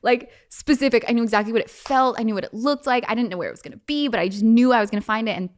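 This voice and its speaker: A young woman as a podcast guest, telling personal stories in a chatty way with lots of fillers and quick laughs. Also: a little high. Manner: chatty, frequent fillers, quick laughs, acts out quoted voices. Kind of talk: casual storytelling.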